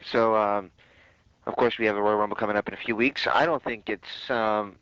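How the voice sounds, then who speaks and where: A man's voice: on the low side, steady tone, normal speed, fairly bright tone, smooth, no echo. A man co-hosting a wrestling podcast, rambling through opinionated stories in casual chat. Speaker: podcast co-host. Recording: dull lo-fi podcast audio.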